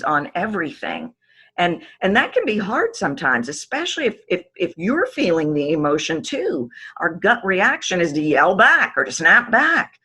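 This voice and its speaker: A woman vocal coach talking as a podcast guest, animated and emphatic, acting out the voices she describes. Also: fairly low pitch, breathy edge. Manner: animated, acts out voices to demonstrate; emphatic, drops volume to make a point. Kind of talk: podcast interview.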